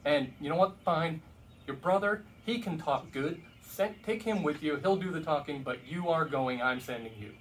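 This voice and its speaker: A man's voice: sits high, animated, quick pace, sharp tone, pitched above the performer's own voice. A man voicing an exasperated, blunt God. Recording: distant mic with faint background noise.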